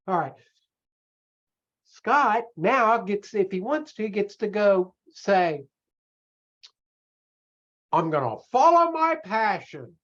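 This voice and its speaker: Rambling, animated man on a dull stream. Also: sits high, slow pace, long pauses. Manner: animated, self-mocking, breaks into voices. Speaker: online business coach. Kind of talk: live-streamed rambling talk.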